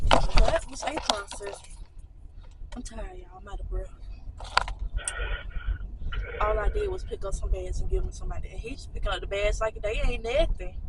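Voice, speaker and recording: A young woman vlogger chatting casually to her viewers, calling them "y'all" over and over. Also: fairly high pitch. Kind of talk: casual chat to camera. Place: inside a car. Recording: loud car and road noise.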